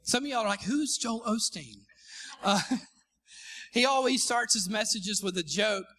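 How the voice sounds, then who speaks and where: A male pastor with an unusually high voice delivers a sermon in a church sanctuary. His tone is bright and forceful. He cracks self-deprecating jokes and calls for the congregation to shout back. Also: moderate pace. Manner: joking, calls for responses from the congregation. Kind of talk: live sermon.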